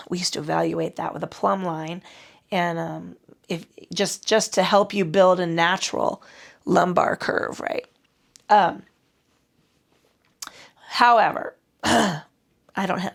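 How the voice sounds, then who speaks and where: A woman leading a mat pilates class, calmly cueing breaths and movements with chatty asides. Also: mid-range voice, gravelly. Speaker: pilates instructor. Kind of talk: guided exercise instruction.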